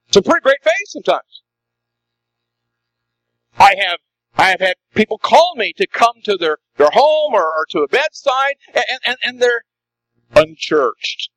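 A male pastor preaching with a high, very animated voice that swoops up and down as he presses his points. He leans on rhetorical questions and repeated phrases. The sound is dry and close. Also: no echo, low-quality recording. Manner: emphatic preaching with rhetorical questions, swinging pitch. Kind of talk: sermon.

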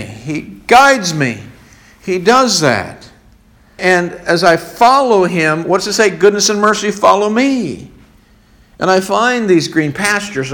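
Man, pastor, sermon, high voice, unhurried delivery, earnest rhetorical questions. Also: a bit bright.

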